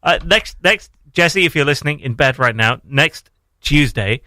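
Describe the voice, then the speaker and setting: A man's voice: a little high, lively intonation, normal speed, bright, forceful tone, no echo, clean studio sound. A man co-hosting a radio show, bantering playfully and teasing about pronunciation. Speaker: radio co-host. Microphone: studio microphone.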